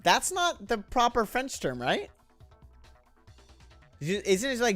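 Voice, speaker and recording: Casting: chatty woman streamer reacting to a game, animated pitch, rapid profane asides. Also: soft background music. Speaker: let's play streamer. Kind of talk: casual gameplay commentary.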